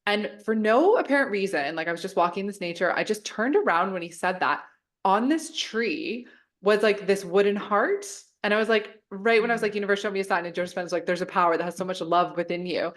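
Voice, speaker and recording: A woman's voice: mid-range voice, a little fast. A young woman hosting a podcast in casual interview chat, affirming her guest with enthusiastic interjections over a remote call. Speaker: podcast host.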